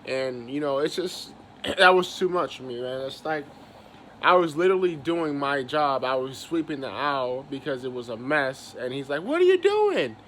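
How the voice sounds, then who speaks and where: A young man rants about his job, cursing and tripping over his own words. His pitch sits in the middle for a man. A faint hum runs behind his voice. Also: normal speed, fairly bright tone. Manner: heated, profane, repeats himself. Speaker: vlogger venting about work. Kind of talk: angry casual rant.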